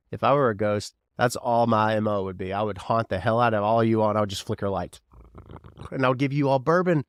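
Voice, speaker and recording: A man's voice: fairly low pitch, clear, resonant tone, no echo. A man from Kentucky hosting a podcast alone, rambling and joking and firing questions at the listener. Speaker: podcast host. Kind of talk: casual solo podcast chat.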